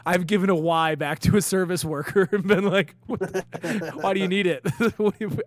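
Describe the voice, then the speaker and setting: A man co-hosting a podcast in casual chat, animated, swearing and acting out quoted voices. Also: sits high, normal speed. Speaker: podcast co-host.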